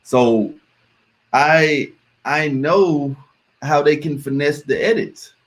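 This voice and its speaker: A man's voice: a little high, slow. A man hosting a reaction video, talking casually and emphatically to his viewers and repeating words for stress. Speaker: reaction channel host.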